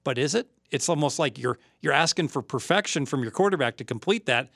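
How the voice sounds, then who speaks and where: A man analyzing football on a betting talk show, telling stories in a casual, animated way. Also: mid-range voice, fairly quick, creaky, no room sound, studio quality. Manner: storytelling, animated retelling. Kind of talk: casual sports chat.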